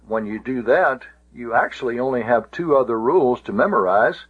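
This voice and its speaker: A man teaching a grammar lesson, slow and methodical, spelling out letters and repeating words for his students. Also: medium pitch, expressive, husky, narrow, tinny audio. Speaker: Greek teacher. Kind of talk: recorded classroom lecture.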